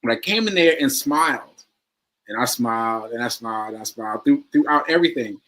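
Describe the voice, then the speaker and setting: A man's voice: mid-range voice, expressive, fairly quick, a bit bright, low-quality recording. A man being interviewed as a guest, speaking earnestly and repeating phrases for emphasis. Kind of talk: interview conversation.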